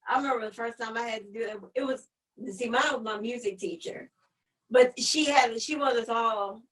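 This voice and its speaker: High-voiced chatty woman, far from mic. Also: normal speed, fairly bright tone. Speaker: show co-host. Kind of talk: casual live-stream chat.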